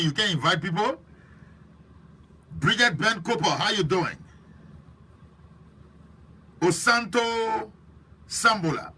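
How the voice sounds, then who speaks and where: Husky, high-voiced Liberian man hosting. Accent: Liberian English. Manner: lively and preachy, teasing viewers by name. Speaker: host. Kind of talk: live-stream chat greeting viewers.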